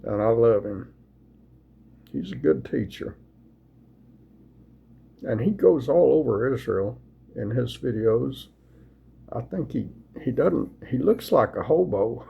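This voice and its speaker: Slow gravelly man. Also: mid-range voice, expressive, muffled recording. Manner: slow, folksy, rambling with restarts. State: sleepy, yawning. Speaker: video host sharing scripture. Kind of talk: casual devotional talk and Bible reading.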